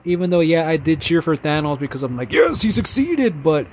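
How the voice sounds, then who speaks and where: Excitable young man rambling about fandom. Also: a little high, fast, slight background noise. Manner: excitable fan, many fillers and restarts. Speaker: podcast host. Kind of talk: casual rambling monologue.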